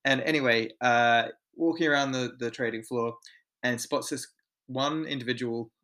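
A man's voice: medium pitch, steady tone, normal speed, fairly bright tone. A man, co-hosting a podcast and telling work stories in casual chat, candid and swearing freely. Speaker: podcast co-host.

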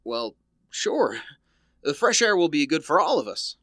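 A man's voice: fairly high pitch, very animated, measured pace, a bit bright, dry recording, clean studio sound, exaggerated voice. An actor playing a shy, awkward male teacher in a 1950s radio comedy, hesitant and fumbling. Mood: bashful.

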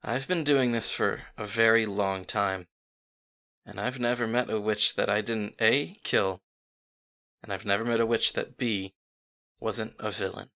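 A man voicing a ruthless witch hunter who speaks low and quiet with cold menace. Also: fairly even intonation, measured pace, creaky, full character voice. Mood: zealous.

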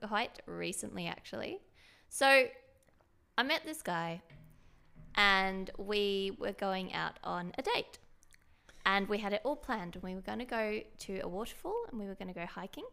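A woman co-hosting a casual chat, playful and quick with jokes as she tells her own story. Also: medium pitch, lively intonation, creaky, bright, forceful tone, clean tone.

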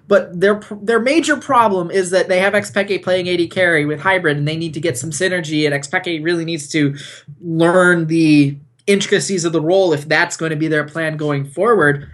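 A man's voice: fairly high pitch, moderate pace, fairly bright tone. A man co-hosting a podcast, giving emphatic, opinionated esports analysis in casual chat. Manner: opinionated, emphatic, repeats for punch. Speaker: podcast co-host.

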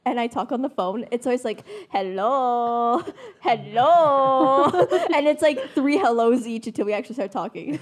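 A woman co-hosting a casual podcast, full of teasing, playful banter. Her voice is a little higher than most women's. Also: quick pace, few pauses, darkish tone. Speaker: podcast co-host.

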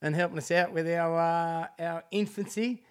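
A man's voice: a little high, steady tone, normal speed, clear, resonant tone. An Australian man hosting a podcast, chatting casually with lots of "mate" and easy laughter. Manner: laid-back, matey, laughs often, many fillers. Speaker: podcast host. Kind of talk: casual interview chat.

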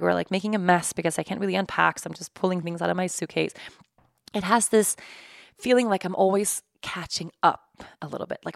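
Woman, thirties, podcast host, reflective monologue, gravelly voice, dry close sound. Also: fairly low pitch, dry recording. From Sweden. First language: Swedish. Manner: candid, halting, with frequent "like" fillers and soft laughs. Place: home apartment.

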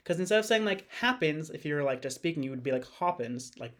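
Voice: mid-range voice, lively intonation, fast talker, fairly bright tone. A young adult podcast co-host in casual chat, gushing about favourite shows and filling every sentence with "like". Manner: gushing, fills talk with "like".

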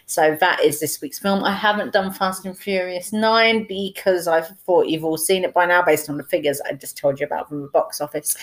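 A young woman chatting casually through a film review, enthusiastic, with many fillers and restarts. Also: deep voice.

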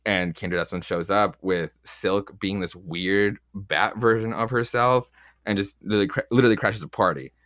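A man's voice: fairly low pitch, moderate pace, a bit bright, dry recording, studio quality. A man casually recapping comic book issues with his co-hosts, rambling and swearing freely as he acts out the lines. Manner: rambling, loose, swears often, acts out quotes. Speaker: podcast co-host.

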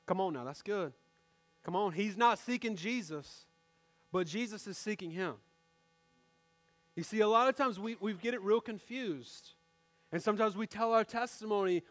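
A man's voice: high voice, expressive, normal speed, a bit bright. A man in his twenties, a pastor, preaching a sermon in a church and talking straight to the congregation in a conversational way.

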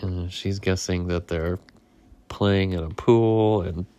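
A man's voice: low voice, steady tone, takes it slowly, dark tone, smooth. A man reading a picture book aloud to a child at home, taking his time and stopping to chat about the pictures.

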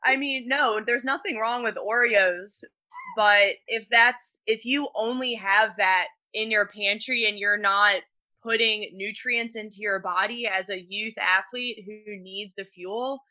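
A woman's voice: mid-range voice, fairly even intonation, unhurried, bright, forceful tone, muffled recording. A woman strength coach talking casually as a podcast guest, with many "like" fillers.

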